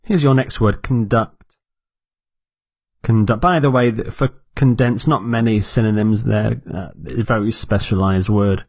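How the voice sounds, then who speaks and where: A man teaching English vocabulary, repeating each word clearly and explaining it for learners. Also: fairly low pitch, measured pace, no echo. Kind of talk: slow, deliberate vocabulary lesson.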